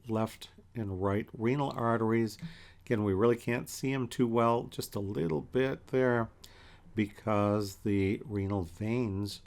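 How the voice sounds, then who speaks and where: Man, lower voice, anatomy lecture, casual, pauses a lot. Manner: relaxed and conversational, with many fillers and pauses. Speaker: anatomy instructor. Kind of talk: lecture walking through anatomy images.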